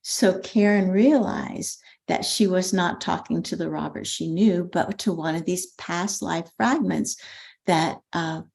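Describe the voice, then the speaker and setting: An older woman with a slightly low voice tells a story to her listeners. She is a spiritual teacher who talks in an animated way and often pauses on "um" or starts a sentence over. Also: gravelly. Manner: animated storyteller, frequent ums and restarts. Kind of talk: storytelling talk.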